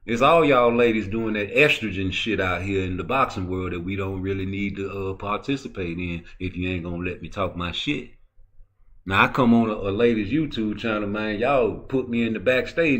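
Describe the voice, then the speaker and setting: Male boxing talk host: heated, profane ranting, lower voice with a forceful edge. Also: moderate pace. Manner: profane, heated, swings from low mutter to loud ranting. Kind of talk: ranting commentary.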